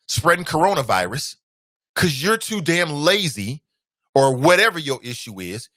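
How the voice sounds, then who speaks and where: A man hosts his own show in a loose, conversational monologue, full of asides and filler. He keeps spiking into loud, high outbursts when something annoys him. His voice is bright and forceful, and the recording is dry and close. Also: sing-song, measured pace, no echo. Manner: emphatic, ranting, jumps into loud high outbursts. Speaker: talk show host. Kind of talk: casual talk-show monologue.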